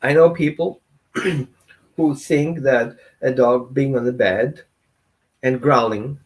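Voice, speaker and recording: A man's voice: medium pitch, takes it slowly. A man teaching as a dog trainer in a casual, conversational way, often asking his audience questions. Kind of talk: informal teaching talk.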